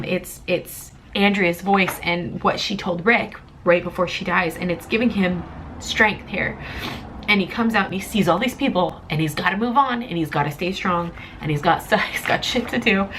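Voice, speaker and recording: Young female vlogger, emotional and rambling, on the verge of tears; lowish voice, faint background noise. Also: a bit bright, rough recording. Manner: emotional, rambling, tearful at times. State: close to tears. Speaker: comic book reviewer. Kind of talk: casual vlog review.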